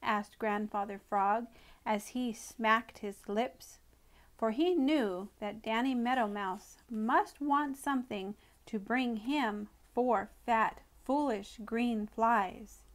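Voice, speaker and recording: A woman gently reading a children's storybook aloud in an expressive, unhurried way. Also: a little high. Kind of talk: storybook read-aloud narration.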